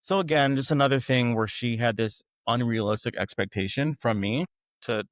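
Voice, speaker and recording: A man, a podcast guest, candidly recounting a painful past relationship with animated retelling and frequent laughs at how absurd things were. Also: medium pitch, normal speed, no room sound, clean studio sound. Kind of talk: candid personal storytelling.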